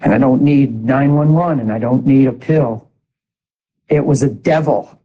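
A man preaching a sermon in an animated way, exhorting the congregation with asides. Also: medium pitch, measured pace, dull audio.

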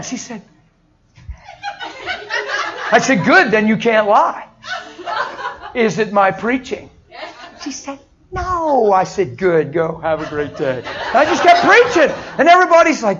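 High-voiced animated preacher man. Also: normal speed, muffled recording. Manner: animated, swings from hushed to loud laughing shouts. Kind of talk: sermon with storytelling.

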